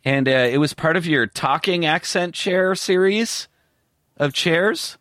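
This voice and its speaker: A man's voice: on the high side, unhurried, fairly bright tone, no room sound. A man hosting a podcast, joking around and making prank phone calls with mock urgency. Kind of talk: casual prank-call banter.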